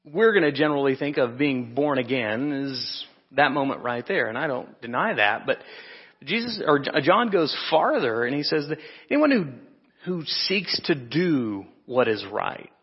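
A pastor giving a relaxed, conversational sermon to an evening congregation, pausing with fillers and correcting himself. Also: male voice, mid-range voice, breathy edge. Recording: muffled, reverberant church hall.

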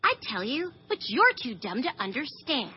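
A woman's voice: high voice, wildly swooping pitch, normal speed, heavy background noise. An actress playing a contemptuous young female figure who speaks in sneering, condescending insults. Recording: muffled film clip.

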